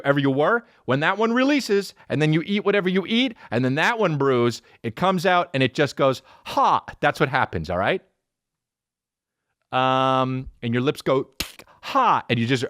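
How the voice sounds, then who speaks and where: A man in his thirties hosting a podcast, ranting through a comic story with lots of swearing and sudden jumps into silly high voices. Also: no room sound, studio quality. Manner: animated storytelling, profane, jumps into mock voices and high sung syllables. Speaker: podcast host. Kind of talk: comedic rant.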